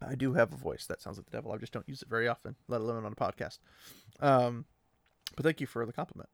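A man hosting a casual podcast, recapping a book with animated energy and frequent laughs, close to the mic. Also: mid-range voice, fast talker, vocal fry, no echo. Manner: animated, laughing often, playful. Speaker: podcast host.

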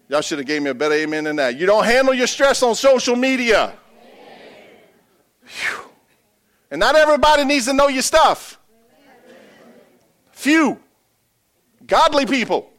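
Animated preaching man, high lively voice. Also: unhurried, long pauses. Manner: animated, humorous, swings from hushed to emphatic. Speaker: pastor. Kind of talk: sermon.

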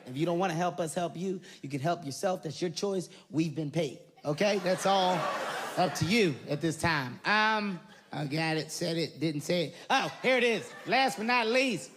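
Man doing a brisk female rafting guide. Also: on the high side, fairly bright tone, lightly acted. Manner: brisk safety briefing, dry asides. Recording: live stage recording with audience noise.

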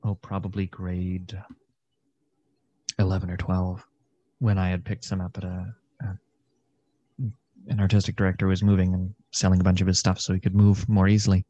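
A man's voice: low-pitched, monotone, moderate pace, long pauses, warm tone, highs cut off. A young man, an actor and podcast guest, talking through ideas in a thoughtful, meandering way with many fillers. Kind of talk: casual conversation.

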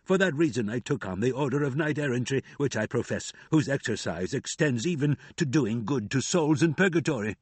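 A man's voice: medium pitch, animated, brisk, few pauses, darkish tone, husky, no room sound. A man voicing an aging, deluded male knight who speaks in archaic, ceremonious phrases. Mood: solemn.

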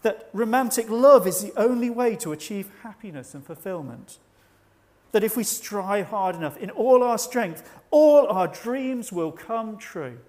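A man preaching a sermon at a church service, measured and reflective, slowing down to stress key words. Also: high voice, animated, darkish tone. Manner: measured, reflective, slows for emphasis.

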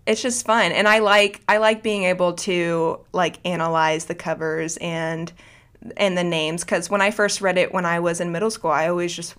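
A woman's voice: fairly low pitch, flat delivery, normal speed, a bit bright, clear, resonant tone. A woman guest chatting casually on a podcast, talking in a loose, rambling way with many fillers and restarts. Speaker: guest, book video creator.

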